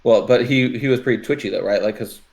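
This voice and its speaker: A man's voice: medium pitch, creaky, a little mellow. A man playing a tabletop game, chatting casually with a joking manner. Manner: joking, quick to laugh. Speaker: player.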